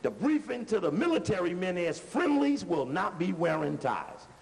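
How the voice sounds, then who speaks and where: A man giving a lecture while commenting on video playback, animated and conversational, using street-talk grammar. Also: sits high, moderate pace, vocal fry. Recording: reverberant hall with faint noise.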